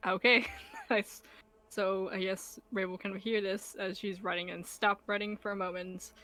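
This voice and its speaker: A woman's voice: mid-range voice, flat delivery, moderate pace, sharp tone. A woman playing a tabletop role-playing game, hesitant and giggly, describing what her character does. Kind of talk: casual tabletop play.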